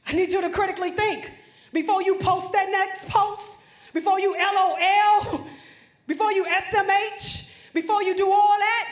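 High-pitched emphatic woman speaker. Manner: emphatic, preacherly, talks directly to students. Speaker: motivational speaker. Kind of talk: motivational conference speech. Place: conference hall stage. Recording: echoey hall.

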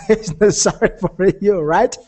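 A man's voice: sits high, unhurried, mellow, slightly rough. A man teaching an English conversation class, encouraging and repetitive, laughing often.

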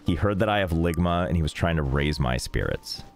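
A young man talks his way through a game stream in a somewhat low voice, dropping deadpan jokes and rambling asides. Faint game music runs quietly beneath him. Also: brisk. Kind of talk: casual gameplay streaming.

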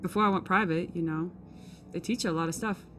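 A woman voicing a nonchalant female gunslinger in an understated, low-key way. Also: quick pace, a bit bright, soft background music, close to an everyday voice. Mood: calm.

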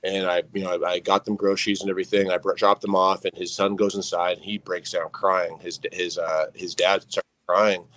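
A young man with a very low voice tells a personal story on a podcast, and he talks quickly. His delivery is earnest and candid, full of fillers and restarts that keep pulling the listener in. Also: little pitch movement, a bit bright, no echo, poor audio. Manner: earnest, heavy on fillers like "you know what I mean". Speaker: podcast guest.

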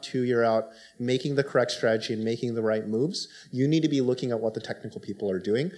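A man's voice: medium pitch, darkish tone. Emphatic man on a conference panel. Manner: fast, emphatic, heavy use of "like".

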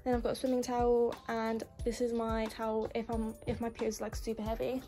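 A woman's voice: fairly high pitch, completely flat delivery, a little fast, warm tone. A young woman casually narrating a tour of her university bedroom, chatty and listing things one after another. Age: young adult. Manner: chatty, listing items as she goes. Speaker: vlogger giving a room tour. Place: student bedroom in university housing. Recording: music playing under the voice.

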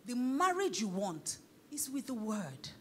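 A woman's voice: a little high, big pitch swings, a little slow, a little hiss or hum. A middle-aged woman with a Nigerian accent, preaching a sermon as a pastor, telling stories, dropping pidgin phrases and laughing often.

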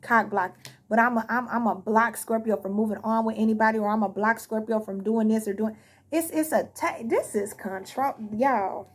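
Husky, blunt woman reading tarot. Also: on the high side, moderate pace. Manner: blunt, profane, heated, speaks straight to viewers. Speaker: tarot reader. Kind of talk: casual tarot card reading to camera.

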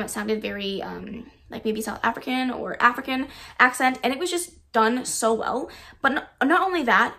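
A woman's voice: fairly high pitch, a bit bright. Chatty woman book vlogger. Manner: chatty, enthusiastic, frequent ums. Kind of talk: casual book review vlog.

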